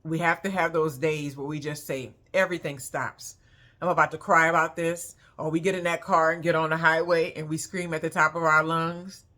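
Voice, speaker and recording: A woman's voice: deep voice, little pitch movement, normal speed, sharp tone. A woman vlogger talking earnestly about emotional release, reflective and encouraging. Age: adult with children. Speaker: spiritual vlogger. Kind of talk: casual heartfelt monologue.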